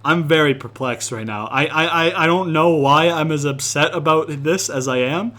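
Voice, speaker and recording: A young man from outside the US giving rambling, profane let's-play commentary, breaking into loud exasperated rants. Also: a little high, normal speed. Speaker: gaming YouTuber.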